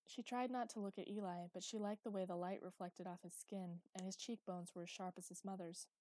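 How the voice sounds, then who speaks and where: A woman narrating an audiobook in a steady, even storytelling manner. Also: on the low side, brisk, no room sound.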